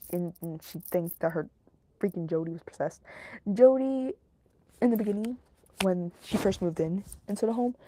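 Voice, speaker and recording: A woman's voice: lowish voice, warm tone, dry recording. A young woman hosting a true crime podcast, rambling and joking with lots of fillers and laughs. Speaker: podcast host. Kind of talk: casual true crime commentary.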